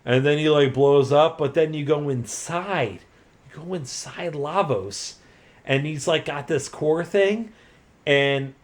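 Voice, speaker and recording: A drunk man retelling a story in a loose, rambling way, swearing freely and filling every gap with "like". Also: mid-range voice. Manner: loose, profane, full of "like" and restarts. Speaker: host retelling a video game plot.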